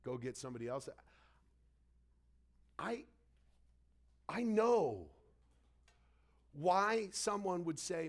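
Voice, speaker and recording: High-voiced man preaching a conversational sermon. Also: lively intonation, takes it slowly, long pauses, a bit bright. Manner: storytelling, conversational, acts out quotes. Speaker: pastor. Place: church hall.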